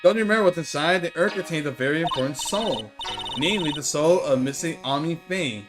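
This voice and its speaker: A streamer playing a game who reads every character's dialogue aloud in one voice and breaks off for quick asides to viewers. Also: mid-range voice, lively intonation. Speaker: let's play streamer. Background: game music.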